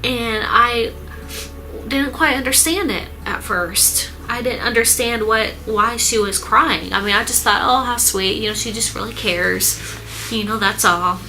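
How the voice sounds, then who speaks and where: Woman vlogger, bright and clear tone, soft and earnest, hesitant storytelling with lots of pauses. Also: on the high side, soft background music, rough recording. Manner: halting, with many pauses and fillers. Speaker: vlogger recounting her mother's illness. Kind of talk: personal storytelling vlog.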